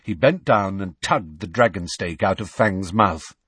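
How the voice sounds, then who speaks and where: Man reading a story aloud, husky and low, lively, dry close sound. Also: unhurried, no echo. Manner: expressive storytelling. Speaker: audiobook narrator. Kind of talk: scripted narration.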